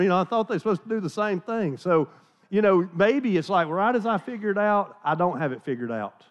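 The middle-aged preacher from the American South keeps his sermon story folksy and self-deprecating, chatting along with many restarts. His voice sits high, brisk, with lively intonation.

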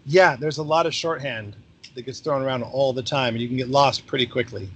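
A man's voice: medium pitch, a little fast, slight background noise. A middle-aged man, a podcast guest, telling stories in a casual interview and acting out the dialogue with energy. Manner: animated, acts out quoted dialogue. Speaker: podcast guest, former theme park ride skipper.

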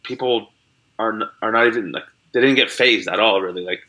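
A man's voice: lowish voice, a little fast, pushed and bright. A young man, a comedian, chatting as an interview guest in a rambling way, full of likes and restarts. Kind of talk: casual interview chat.

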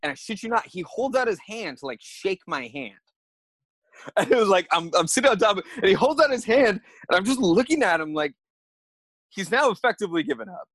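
A young man, a podcast guest, telling a story in a lively way and acting out his own thoughts. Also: high-pitched, a little fast, dry recording. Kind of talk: animated storytelling.

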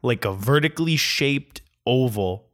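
A man's voice: medium pitch, animated, measured pace, fairly bright tone. A young man ranting in a casual comedic monologue, grumpy and mocking. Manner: grumpy, ranting, mocks mispronunciations.

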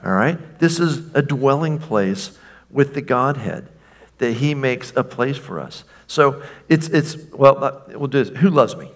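A man's voice: mid-range voice, measured pace. A man preaching a sermon to a congregation, chatty and informal, acting out the lines he quotes. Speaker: pastor.

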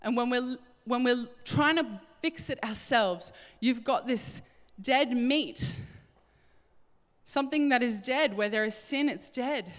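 A woman preaching a sermon, telling a Bible story in an animated way and acting out the voices. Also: fairly high pitch, slow pace. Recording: hall reverb.

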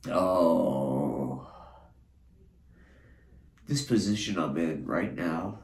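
Here the host sounds low-pitched and gravelly, with lively intonation but an extremely slow delivery, in a roomy-sounding space. He is disoriented from a drug during his self-recorded treatment session, cursing in a broken stream of consciousness that shifts between mumbles and anguished outbursts.

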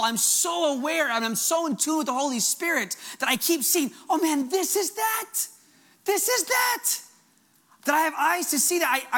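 A male pastor preaching a fervent, animated sermon. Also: very high-pitched.

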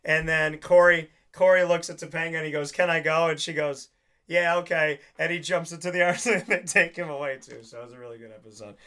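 Bright, animated young man telling stories. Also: a little high, brisk, clean tone. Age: young adult. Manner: rambling, animated storyteller who acts out quoted lines. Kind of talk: casual chat.

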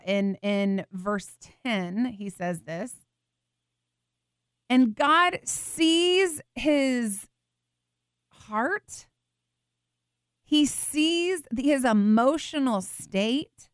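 A woman's voice: a little high, expressive, drawn-out words, pauses often, smooth, dry recording, studio quality. A woman hosting a faith show, teaching earnestly and tenderly and reading scripture aloud with expression. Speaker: show host teaching the Bible.

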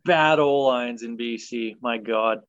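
A man's voice: mid-range voice, fairly bright tone, no echo. Man, sports podcast host, opinionated, muffled dry recording. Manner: opinionated, brisk segment-leading delivery. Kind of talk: casual sports chat. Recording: dull, dry sound.

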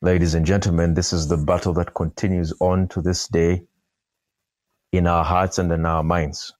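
A man preaching a sermon, slow and emphatic, repeating key phrases for weight. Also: sits low, little pitch movement, darkish tone, no echo, studio quality. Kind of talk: sermon podcast.

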